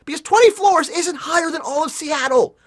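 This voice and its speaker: With a high-pitched voice and a slightly fast delivery, this livestreamer reads from a novel and mocks it as they go. The running commentary is sarcastic and fed-up, full of curses and frequent sighs between passages.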